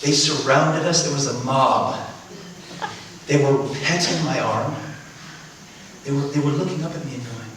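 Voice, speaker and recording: A man giving a motivational talk, telling a story emphatically and swinging between hushed and loud, excited passages. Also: mid-range voice, moderate pace, pauses often. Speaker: motivational speaker. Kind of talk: storytelling talk to a live audience. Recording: echoey room, mic far off, background noise.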